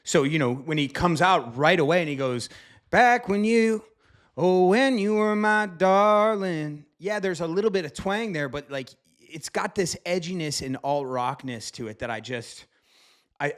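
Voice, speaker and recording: A man with a somewhat high voice reviews an album in relaxed, off-the-cuff talk. He rambles with enthusiasm, fills gaps with "like" and "um", and swears casually. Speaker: music reviewer.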